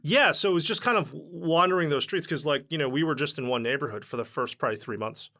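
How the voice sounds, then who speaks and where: A man's voice: fairly high pitch, fast, gravelly, bright, forceful tone. A man, a company founder guest on a podcast, telling loose, rambling stories full of fillers and acted-out quotes. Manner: rambling, lots of fillers, acts out quoted dialogue. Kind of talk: casual interview storytelling.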